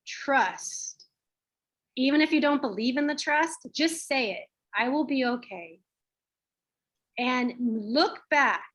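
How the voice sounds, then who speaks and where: Female interview guest, earnest storyteller, voice a bit high, over a video call. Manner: earnest, reflective, with fillers. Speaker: lawyer and guest.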